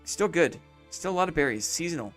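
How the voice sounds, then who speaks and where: A man's voice: on the high side, animated, brisk, fairly bright tone, faint music behind. A man streaming a city-building game, thinking aloud in casual commentary, repeating his own phrases and chatting to viewers between moves.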